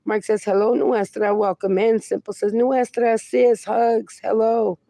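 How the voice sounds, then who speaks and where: Gravelly forties woman on a livestream, reads the chat out and answers everyone sweetly, dry close-up sound. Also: on the high side, steady tone, unhurried, warm tone, no echo. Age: 40s. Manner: reads viewer comments aloud and answers them fondly; calls viewers "my darling" and "my friend". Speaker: livestream host.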